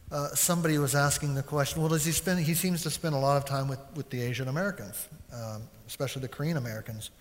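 A man who is a church leader, speaking thoughtfully in a measured way during a panel discussion. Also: a little high. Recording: long hall reverb.

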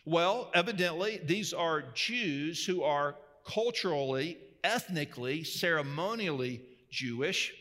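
A man's voice: fairly high pitch, pushed and bright. Preaching man in a reverberant hall. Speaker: Baptist pastor. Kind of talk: sermon. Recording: long reverb of a large hall.

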